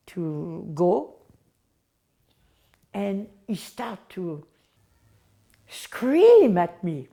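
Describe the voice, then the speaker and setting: An older woman tells a personal memory in a slow, unhurried way. Her voice sits fairly high. Her English is halting, and she acts out each moment as she goes. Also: warm tone. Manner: halting non-native English, acts out the scene vividly. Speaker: interviewee recalling memories. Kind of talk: personal recollection.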